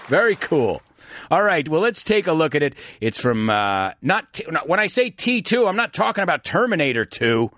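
A man with a New York accent hosting a casual studio chat, animated and laughing often. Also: fairly high pitch, no room sound. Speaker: host. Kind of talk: casual chat with live audience.

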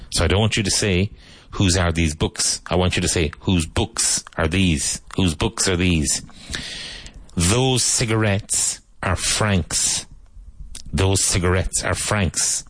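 Slow, deep-voiced male teacher. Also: no room sound. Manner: slow, deliberate repetition of example sentences. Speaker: English teacher. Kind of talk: radio English lesson, drilling phrases.

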